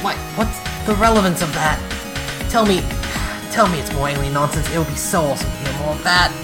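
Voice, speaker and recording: A woman voicing a sardonic, irritable teenage boy, reading a webcomic aloud in roles with flat, swearing sarcasm. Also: sits low, fairly quick, over loud music, natural voice.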